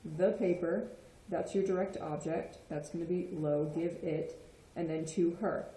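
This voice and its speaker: A woman's voice: lowish voice, steady tone, measured pace, mellow. A woman explaining Spanish grammar in a patient lesson, often checking in with "okay?". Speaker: Spanish teacher. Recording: echoey room.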